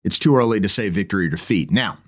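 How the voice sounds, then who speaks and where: A man hosting a podcast, giving a sarcastic political commentary monologue in a mocking tone. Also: fast. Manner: sarcastic, mocking, with lively swings in pitch. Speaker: podcast host.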